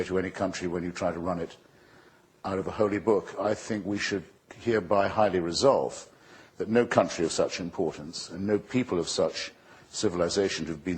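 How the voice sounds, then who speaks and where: A man with a fairly low, husky voice argues at a public debate. His delivery is sardonic and rhetorical, and he leans hard on emphasis. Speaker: public speaker.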